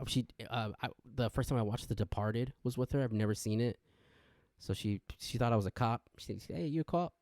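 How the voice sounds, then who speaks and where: A man hosting a podcast, rambling through a casual intro rant and jumping into sudden excitement. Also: on the low side, no room sound, clean studio sound. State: wired on energy drink. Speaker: podcast host.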